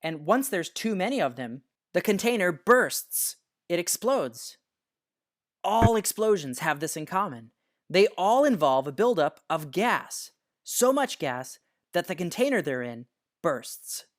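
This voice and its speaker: A science teacher narrating a scripted lesson in a patient, explanatory way, slowing down to stress key words. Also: medium pitch, big pitch swings.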